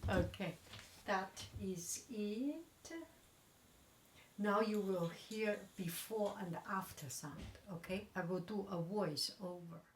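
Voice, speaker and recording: A woman casually demoing a new microphone, drifting between quiet speech and whispers. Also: mid-range voice, slow, a little hiss or hum. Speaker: vlogger unboxing and testing a microphone. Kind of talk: casual demo with soft whispering. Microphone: testing a new desktop microphone.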